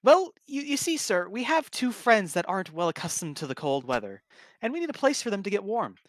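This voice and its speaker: A man's voice: high-pitched, big pitch swings, brisk, no room sound, clean studio sound, voice pushed up. Man doing a flustered, stammering young man.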